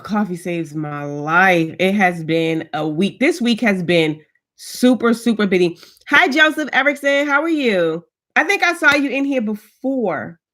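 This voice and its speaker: A woman's voice: medium pitch, fairly bright tone. Chatty woman vlogger greeting live viewers. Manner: chatty, greets viewers by name, frequent restarts. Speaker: vlogger hosting a live stream. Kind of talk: casual livestream chat.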